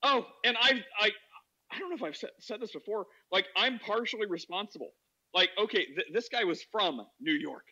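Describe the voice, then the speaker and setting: A high-voiced man with a bright, forceful tone rambles through a casual story, leaning on constant "like" fillers. The audio is dull and lo-fi. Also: lively intonation, moderate pace, slightly rough. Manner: rambling, heavy use of "like" fillers. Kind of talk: casual anecdote telling.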